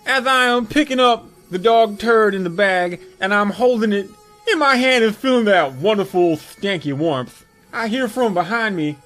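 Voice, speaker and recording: A man telling crude comedic stories in an animated monologue, landing punchlines deadpan. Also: high-pitched, moderate pace, soft background music. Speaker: comedic storyteller.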